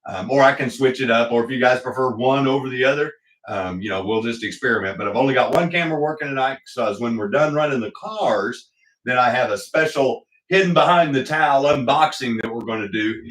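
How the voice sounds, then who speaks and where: Male livestream host, mid-range voice, loose and rambling with fillers, recorded off-mic in a boomy home room. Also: brisk, fairly bright tone. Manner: rambling, many fillers, greets viewers in chat. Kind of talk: casual livestream chat. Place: home hobby room with slot car track. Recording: echoey room, voice picked up from a distance.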